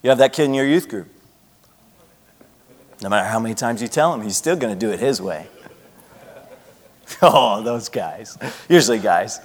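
A man's voice: fairly low pitch, animated, normal speed, long pauses, long reverb tail, a little hiss or hum. A man in his thirties, a youth pastor preaching a sermon, who prays earnestly and tells family stories, acting out his children's voices. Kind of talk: sermon with prayer and personal storytelling.

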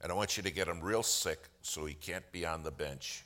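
A man, a lawyer by trade, telling a story in a sermon. He acts out the other people's lines with humor and gets loud at key moments. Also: deep voice, moderate pace. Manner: animated storyteller, acts out quoted voices with humor. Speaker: lawyer giving a testimony.

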